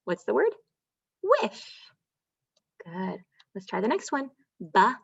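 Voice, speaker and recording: Woman, first grade teacher, online phonics lesson, lively sing-song pitch, muffled lo-fi sound. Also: gravelly, slightly rough, dry recording. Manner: slow, stretched-out sounding of letters, sing-song praise. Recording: dull, dry lo-fi sound.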